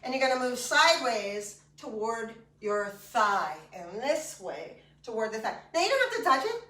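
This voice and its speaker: A high-voiced woman leads an exercise class, chatty and joking as she calls out each move. Her voice is bright and carries. It is picked up from a distance in an echoey room. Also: expressive, moderate pace. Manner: chatty and joking between cues. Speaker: fitness instructor. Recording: echoey room, mic far off.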